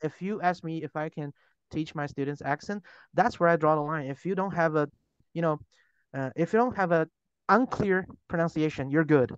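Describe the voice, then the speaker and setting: A man's voice: a little high, normal speed, clear, resonant tone, dry recording. A man with a Chinese accent, a TOEFL teacher explaining in a casual interview, earnest and full of restarts. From China. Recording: dull lo-fi sound.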